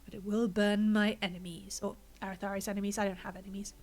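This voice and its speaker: Streaming a game, this woman talks fast in a flat, darkish, medium-pitched voice. Her commentary is casual and chatty, full of thinking aloud and explaining her choices, and she's slightly breathless with a blocked nose.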